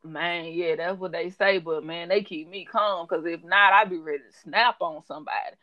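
A woman quoting a slow-talking, laid-back young male client who speaks in street slang. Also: fairly low pitch, fairly even intonation, bright, forceful tone, muffled recording, voice pushed down.

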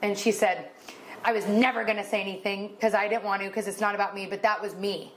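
A woman's voice: medium pitch, fast talker, a little hiss or hum. Emotional woman telling a story. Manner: animated, acts out dialogue in a raised voice. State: emotional, near tears. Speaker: podcast co-host. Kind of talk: casual storytelling chat.

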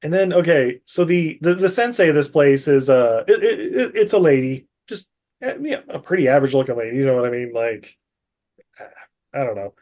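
A man's voice: mid-range voice, expressive, brisk, darkish tone. Rambling man recapping a movie. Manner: rambling with frequent fillers and laughs. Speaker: podcast co-host. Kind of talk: casual movie recap chat.

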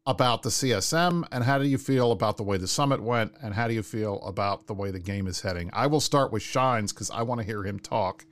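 A man hosting a casual talk show, relaxed and steering the conversation. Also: fairly low pitch, brisk, hardly any pauses. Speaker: host. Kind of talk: casual chat.

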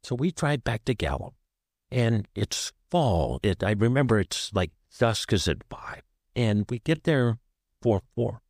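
A man's voice: mid-range voice, big pitch swings, a little slow, darkish tone, dry recording, clean studio sound. A man from the American Southwest, an author guest on an interview show, recounting a painful personal story in short, vivid present-tense sentences.

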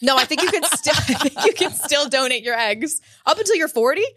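Woman, late twenties, podcast co-host, animated storyteller, bright voice, slightly high, dry sound. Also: brisk, dry recording. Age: late 20s. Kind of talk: casual chat.

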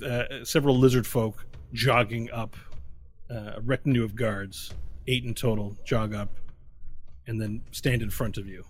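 Man narrating as game master. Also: medium pitch. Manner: descriptive, with fillers.

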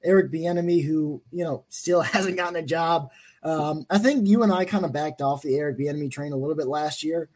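A man's voice: on the high side, fairly quick, a little mellow. A man co-hosting a casual sports talk show, laid-back and full of fillers. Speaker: co-host.

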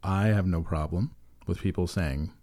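A man's voice: low-pitched, moderate pace, mellow. A man co-hosting a casual chat who jokes around and often trails off mid-thought. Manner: joking, trails off, does bits.

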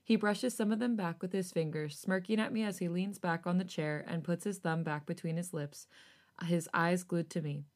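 A woman co-hosting a podcast, reading fan fiction aloud in a soft voice and breaking off into loud, laughing, flustered chat. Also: on the low side, fairly even intonation, normal speed.

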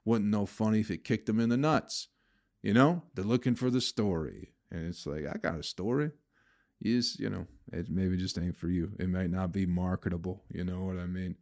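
Man, comedian, podcast host, swearing, venting, bitter, rambling, lowish voice. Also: moderate pace, a little mellow, no echo, clean studio sound. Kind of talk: casual solo podcast rant.

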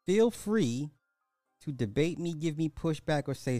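A man's voice: fairly high pitch, expressive, measured pace, dark tone, dry recording, clean studio sound, faint music behind. A man hosting a social commentary podcast, speaking bluntly and often repeating rhetorical questions. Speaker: podcast host.

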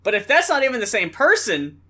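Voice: medium pitch, very animated, a little fast, pushed and bright. A co-host in a casual music review chat, sounding puzzled and asking questions as they think aloud.

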